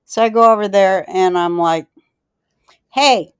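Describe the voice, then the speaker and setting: A woman podcast host tells rambling, profane stories in a smooth, clear voice. The sound is dry and close. She is blunt and drifts off topic. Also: mid-range voice, normal speed, dry recording. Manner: rambling, profane and blunt, loses her thread. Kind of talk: casual rambling storytelling chat.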